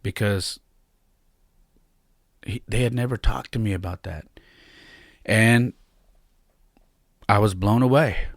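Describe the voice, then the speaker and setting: A man's voice: on the low side, takes it slowly, pauses often, dry recording, studio quality. A man in his thirties, a podcast host, candidly telling a personal story in a reflective, heartfelt way.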